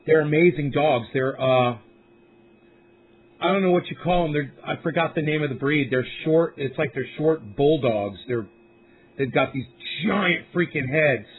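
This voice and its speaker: A laid-back man chatting on a livestream from home, his voice sitting a little high for a man. He rambles easily and swears freely. The sound is thin and tinny, like a phone line. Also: a little slow, a little hiss or hum. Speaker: livestream host. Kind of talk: casual livestream chat.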